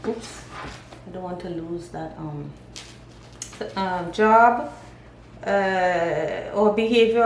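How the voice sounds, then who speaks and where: A woman giving a casual tarot reading, thinking aloud and reading out card meanings. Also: mid-range voice. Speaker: tarot reader. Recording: echoey room, faint ambient noise.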